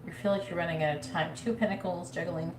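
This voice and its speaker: This psychic reader talks fast in a fairly low, even voice, giving a blunt live tarot reading full of swearing and mocking imitations of nagging voices. The recording has a noisy background and an echoey room with faint ambience.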